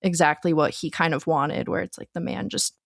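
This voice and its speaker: A young woman with a lowish, dry voice co-hosts a relaxed film podcast. She retells her favorite movie moments with animated enthusiasm. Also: fairly quick, vocal fry, no echo. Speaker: podcast co-host. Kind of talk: casual film discussion.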